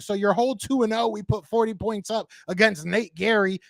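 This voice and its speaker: High-voiced man in a heated debate. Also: steady tone, fairly quick, creaky, no room sound. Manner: argumentative, talks over his opponent, repeats himself. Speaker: podcast co-host.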